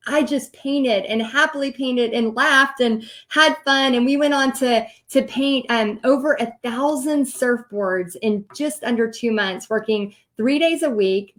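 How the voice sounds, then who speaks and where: Woman in her 30s, chatty animated storytelling, a bit high-pitched. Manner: animated, chatty, many fillers and restarts. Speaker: host, paint party teacher. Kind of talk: casual storytelling talk.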